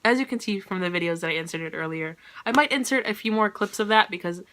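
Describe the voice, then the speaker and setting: A woman talking through a book review in a casual, gushing way. Her voice is bright and forward, and she scatters her talk with "like" and "you know". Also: mid-range voice, expressive, quick pace.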